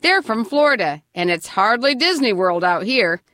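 A woman voicing a warm, chatty elderly grandfather who speaks slowly and exclaims in greeting. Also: fairly high pitch, sing-song, no echo, clean studio sound. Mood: amused. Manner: slow, exclaiming, friendly.

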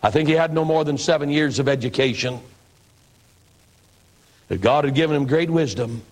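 A man's voice: a little high, normal speed, a little mellow. A man preaching in a reflective, conversational storytelling manner. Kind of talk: storytelling sermon.

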